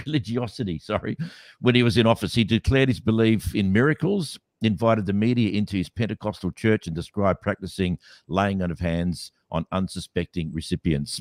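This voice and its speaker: A man's voice: low voice, dry recording. A man co-hosting a podcast, talking skeptically in a casual debate with many restarts. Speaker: podcast co-host.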